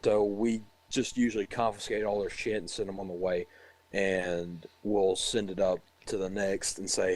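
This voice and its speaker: A man's voice: low-pitched, level tone, normal speed, a little mellow, low-quality recording. A young man casually telling a rambling, profane story about a military checkpoint, laughing as he goes. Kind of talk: casual chat.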